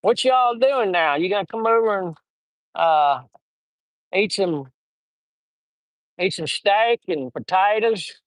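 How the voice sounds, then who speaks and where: A man's voice: sits high, expressive, slow, long pauses, dry recording, pitched above the performer's own voice. A man voicing a folksy, hospitable Southern country man with an exaggerated drawl and a raised, twangy voice. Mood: friendly. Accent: Southern US (put on).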